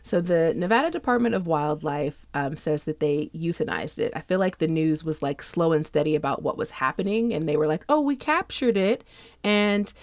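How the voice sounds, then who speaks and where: A woman's voice: sits low, brisk, hardly any pauses, a little mellow, dry recording, clean studio sound. A woman co-hosting a casual talk show, chatty and playful, laughing often. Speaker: podcast co-host. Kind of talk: casual chat.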